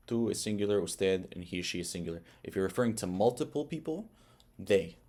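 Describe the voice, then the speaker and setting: A young man with a slightly low voice teaches a beginner's lesson in a casual, chatty way. He explains step by step and stops now and then to ask the viewer questions. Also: a little mellow. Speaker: Spanish teacher.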